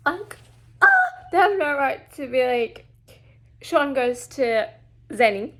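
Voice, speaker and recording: A young woman with a fairly high voice talks straight to her followers about a romance novel. She gushes and swears freely in a casual, excitable way. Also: slow pace, long pauses. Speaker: book vlogger. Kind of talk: casual reading vlog.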